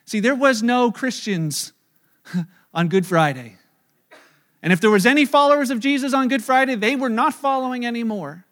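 High-voiced man preaching with lively storytelling. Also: moderate pace. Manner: lively storytelling, acting out scenes; chuckles while talking. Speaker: pastor. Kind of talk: sermon.

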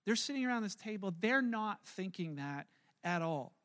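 A male pastor telling a story in his sermon with a high voice. He is lively at the start. He slows to a hushed, heavy pace at the solemn parts. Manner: animated, then slow and hushed.

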